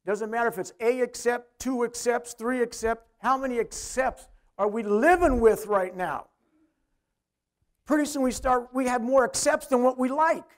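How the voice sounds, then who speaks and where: A man's voice: very high-pitched, normal speed. A middle-aged male pastor preaching a sermon in a conversational way, often asking the congregation questions.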